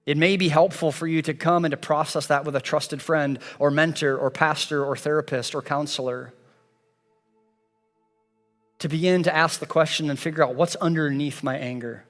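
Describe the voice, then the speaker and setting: A man's voice: fairly high pitch, fairly even intonation, moderate pace, pauses often, fairly bright tone, in a large hall, soft background music. A man preaching a sermon as pastor, in an earnest, repetitive cadence. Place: church sanctuary.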